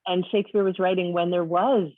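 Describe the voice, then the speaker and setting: A woman's voice: on the low side, fairly even intonation, fairly quick, no echo. Woman host on a tinny line. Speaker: host, director of education. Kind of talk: webinar discussion. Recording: dry, tinny phone-like line.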